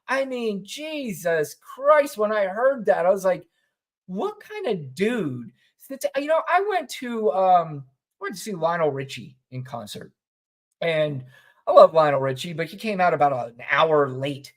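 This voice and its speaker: A man's voice: high-pitched, big pitch swings, normal speed. A man co-hosting a podcast, talking through politics in loose, rambling commentary. His tone is wry, and he swears freely. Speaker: podcast co-host.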